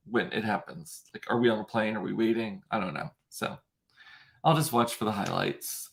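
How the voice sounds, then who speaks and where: Reading live comments during a casual solo chat, this male vlogger has a gravelly, mid-range voice that's a bit bright. His talk is rambling and gossipy, and he frequently corrects himself partway through sentences.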